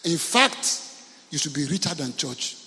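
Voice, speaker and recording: A Nigerian man preaching to his church, spinning humorous stories and calling out questions to the congregation. His voice sits a little high for a man, and the hall around him rings with a long reverb. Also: big pitch swings, a little slow, gravelly, bright, forceful tone. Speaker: pastor. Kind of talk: sermon.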